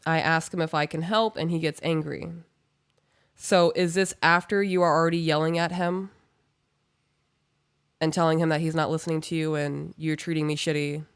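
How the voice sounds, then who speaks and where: A woman co-hosting a podcast, giving calm, firm and direct relationship advice. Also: low-pitched, moderate pace, smooth. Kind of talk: casual advice chat.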